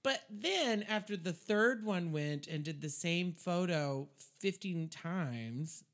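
A young woman co-hosting a podcast, chatting casually with a giggly, animated manner. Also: fairly low pitch, takes it slowly. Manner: giggly, animated, acts out quotes. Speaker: podcast co-host.

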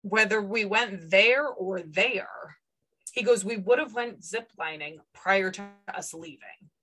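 A woman psychic medium on a podcast, voice bright and forward, middle in pitch. She passes on a spirit's words in lively quoted bursts, breaking into laughter often. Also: slow pace, husky, poor audio. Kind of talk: casual podcast chat.

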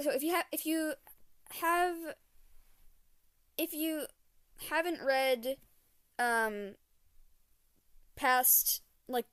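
A young woman with a high voice hosts a home podcast, recorded close and dry. She reads a garbled story with theatrical emphasis, and in chat she trails off with fillers and restarts. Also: fairly bright tone, smooth, no room sound. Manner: dramatic reading with quoted lines in raised voice. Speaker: podcast host. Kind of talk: reading a garbled translated story aloud.

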